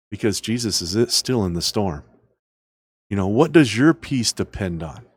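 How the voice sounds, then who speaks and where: A man's voice: fairly low pitch, expressive, normal speed, husky, dry recording. A man preaching as a podcast host, emphatic, repeating lines and asking the listener rhetorical questions. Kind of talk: preaching sermon.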